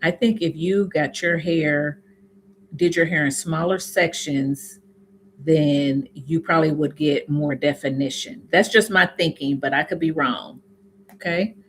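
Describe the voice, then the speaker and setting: A woman with a Southern US accent, chatting casually with viewers on a live stream, reading comments aloud and answering them with sudden high, laughing exclamations. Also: steady tone, a little slow, slight background noise. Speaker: YouTube host answering live chat.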